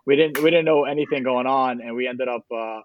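A man's voice: medium pitch, fairly quick, phone-quality sound. A man telling a behind-the-scenes filmmaking story in a casual interview, rambling with lots of fillers and restarts. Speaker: documentary filmmaker guest.

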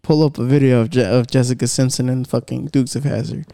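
A man's voice: medium pitch, steady tone, fast talker, gravelly, mellow, no echo, studio quality. A young man chatting casually with friends, slangy and swearing, switching between English and Spanish.

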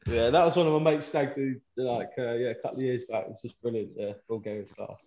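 A man's voice: medium pitch, steady tone, fast talker, dark tone. An enthusiastic man chats with friends about nights out. His voice comes through a roomy, echoing space, and the sound is dull and lo-fi. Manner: enthusiastic, chatty. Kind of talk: casual chat among friends.

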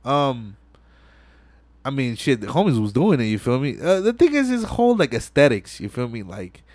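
A young podcast host with a medium-pitched voice talks at normal speed on a dry recording. Chatting casually, he recaps a movie scene by scene, using profane slang and telling it animatedly.

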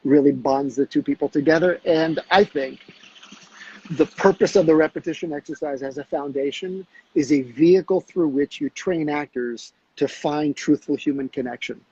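Husky man telling stories on a lo-fi line. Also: on the high side, normal speed. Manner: storytelling, animated with anecdotes. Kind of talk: casual conversation.

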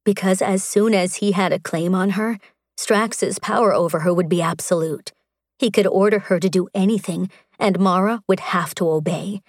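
A woman reading an audiobook in a measured, sensual storytelling style. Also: medium pitch, no room sound, studio quality. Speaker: audiobook narrator. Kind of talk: scripted narration.

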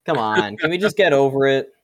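A man's voice: mid-range voice, a little fast. Sarcastic male podcast co-host. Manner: sarcastic, deadpan jokes. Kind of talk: casual comedy podcast chat.

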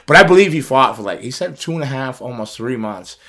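A man's voice: mid-range voice, expressive, a little fast, a bit bright. A middle-aged man telling a personal story in casual chat, acting out phone calls and laughing often. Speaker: podcast host telling a story.

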